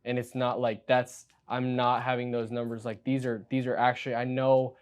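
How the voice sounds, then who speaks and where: An excitable young man in his twenties tells his story on a podcast. He talks in a quick, energetic, casual way and leans on "like" constantly. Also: mid-range voice, clear, resonant tone. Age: 20s. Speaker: guest, new insurance agent.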